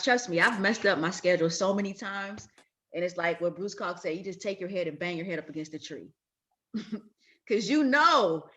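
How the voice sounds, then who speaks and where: A woman's voice: lowish voice, a bit bright. A woman leading a sales training, stressing and repeating her key points. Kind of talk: motivational team training talk.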